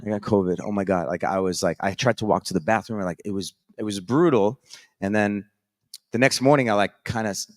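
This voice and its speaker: A man's voice: on the low side, fairly quick, dry recording, clean studio sound. A man hosting a live show on a conference stage, telling stories in an upbeat, chatty, rambling way with many restarts. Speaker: host.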